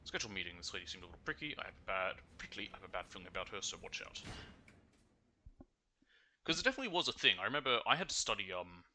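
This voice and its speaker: A man's voice: lowish voice, big pitch swings, very fast, bright, forceful tone. A young man giving rambling, chatty commentary while streaming a game, with lots of fillers and restarts. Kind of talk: casual gameplay commentary.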